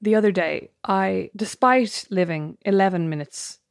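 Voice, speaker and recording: A woman's voice: medium pitch, unhurried, vocal fry, no room sound, clean studio sound. A young woman from Ireland co-hosting a casual chat podcast, with chatty talk and wry asides. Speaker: podcast co-host.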